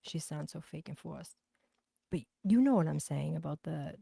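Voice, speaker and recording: A deep, gravelly woman with a thick Boston accent hosts a casual livestream, chatting bluntly with viewers and swearing freely. Her voice is mellow and low, and the recording is dry and close with no room echo. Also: animated, moderate pace. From New Bedford, Massachusetts. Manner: blunt, profane, chatty, gossipy. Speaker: livestream host. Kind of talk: casual livestream chat reading viewer comments.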